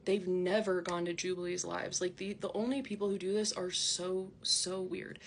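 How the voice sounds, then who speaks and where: Indignant woman vlogger, lowish voice. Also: little pitch movement, moderate pace, a little hiss or hum. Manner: indignant, defensive, full of "like" fillers. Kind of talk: ranting to camera.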